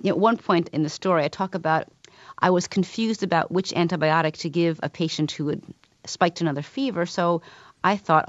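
A woman physician reading her own essay aloud and then answering interview questions in a measured, wry storytelling manner. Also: fairly low pitch, no echo. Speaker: physician and author. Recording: slightly dull, lo-fi sound.

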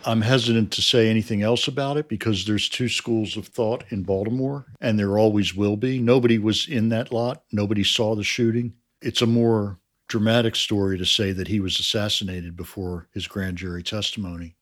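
A man who helped make a crime series, answering interview questions in a measured, explanatory way that often trails off quietly. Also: on the low side, fairly even intonation.

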